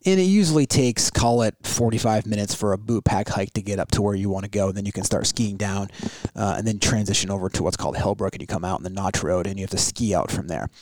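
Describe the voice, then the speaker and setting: A man in his thirties casually retelling an adventure story in a rambling, animated way, full of restarts. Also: fairly low pitch, no room sound. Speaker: guest telling a story.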